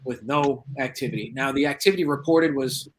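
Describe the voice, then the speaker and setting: Man in his forties, from New England, lively storyteller, voices the people in his tale, faint background hiss. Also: mid-range voice, fairly quick, rough recording. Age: 40s. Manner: animated storyteller, acts out quoted dialogue. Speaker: paranormal investigator, podcast guest. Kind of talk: casual storytelling interview.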